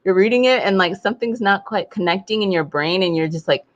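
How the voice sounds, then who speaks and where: A woman co-hosting a casual book club discussion, animated and quick to mimic voices. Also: medium pitch, highs cut off. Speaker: podcast co-host.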